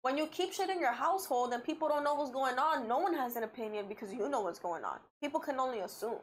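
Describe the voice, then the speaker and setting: A woman's voice: high-pitched, expressive, quick pace. A woman co-hosting a casual podcast, blunt and opinionated, reading social media posts aloud and reacting to them. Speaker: podcast co-host. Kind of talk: casual chat.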